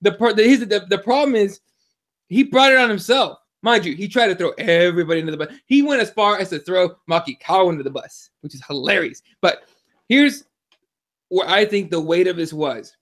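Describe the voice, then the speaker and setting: A man co-hosting a combat sports podcast, talking in a casual, profane, excitable way and telling stories with lots of animation. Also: high-pitched, brisk. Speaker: podcast co-host.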